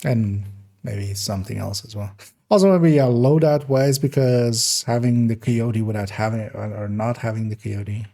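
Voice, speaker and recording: A man's voice: on the low side, moderate pace, gravelly, warm tone. A man streaming a game live, in casual commentary, thinking aloud hesitantly as he works through numbers.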